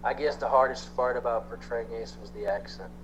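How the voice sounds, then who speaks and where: Young male guest, Filipino accent, sincere and a bit halting, mid-pitched voice, lo-fi recording. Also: fairly even intonation, slight background noise. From Philippines. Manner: mixes English and Tagalog, earnest, hesitant fillers. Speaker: guest actor. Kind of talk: casual interview chat.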